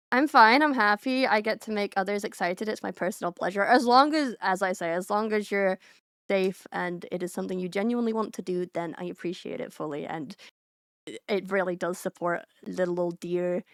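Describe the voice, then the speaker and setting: This young female VTuber has a medium, slightly bright, clean voice and talks fairly quickly. Giggling a lot, she chats casually and cheerfully straight to her viewers, and the clean studio recording has no room sound.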